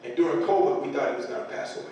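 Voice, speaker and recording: Middle-aged man, earnest motivational speaker, distant mic with faint rumble. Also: rapid-fire, a little mellow. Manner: earnest, emotional storytelling. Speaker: parent speaking to school staff. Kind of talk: motivational speech. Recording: echoey large room from far off, faint rumble.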